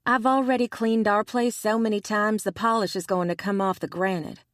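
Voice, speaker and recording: A woman voicing a young, excitable pregnant wolf shifter in an audiobook, bright and playful. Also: mid-range voice, normal speed, dry recording, clean studio sound, pitched above the performer's own voice, natural voice. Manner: bouncy, playful.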